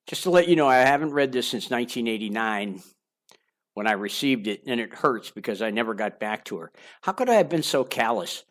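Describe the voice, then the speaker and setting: A man's voice: mid-range voice, lively intonation, a little fast. An older man narrating his own memoir aloud in a candid, confessional way, with wandering asides and small repeats. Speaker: memoir author reading his own book.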